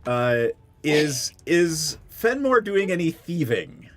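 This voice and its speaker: Lively-voiced man running a tabletop game. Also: on the high side, slow. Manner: narrating with laughter, loose and joking. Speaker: dungeon master.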